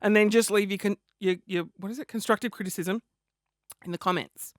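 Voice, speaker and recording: A man's voice: high-pitched, moderate pace, bright, forceful tone, no room sound, studio quality. Camp, chatty man. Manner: camp, self-deprecating and chatty. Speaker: podcast host. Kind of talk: comedic podcast monologue.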